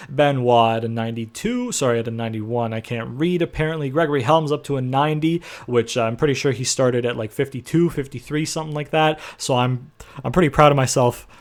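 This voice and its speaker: A young man in the middle of his voice range, narrating his game session as a host. His talk is loose and rambling, full of fillers and restarts, with casual swearing. He sounds relaxed and conversational throughout. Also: mid-range voice. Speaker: gaming video host. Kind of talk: casual game commentary recap.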